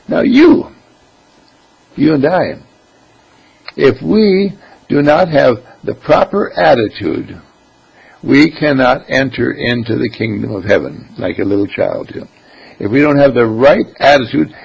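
A man speaking as a spiritual teacher in a relaxed, conversational way, with lots of rhetorical questions and asides. His voice is gravelly and a little husky, sitting at a middle pitch for a man. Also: moderate pace, lo-fi sound. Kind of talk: informal spiritual talk.

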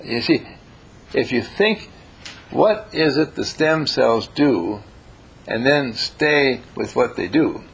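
A man teaching a small class, his voice gravelly and a little husky. He talks through students' writing with gentle, wandering critique and plenty of pauses. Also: medium pitch, lively intonation. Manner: gentle, meandering critique with frequent hesitations. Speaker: workshop teacher.

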